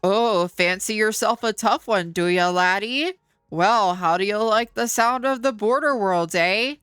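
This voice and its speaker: A woman putting on a gruff folksy spacer guy. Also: mid-range voice, expressive, normal speed, a bit bright, dry recording, clean studio sound, close to an everyday voice. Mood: teasing. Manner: mock-folksy drawl with a put-on brogue. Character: gruff male space barfly, mixed accent.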